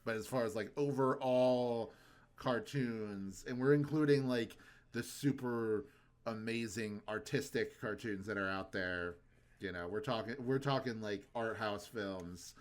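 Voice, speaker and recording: A man's voice: lowish voice, unhurried. Young male podcast co-host, laid-back and chatty. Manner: laid-back, quotes cartoon lines in funny voices. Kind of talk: casual chat.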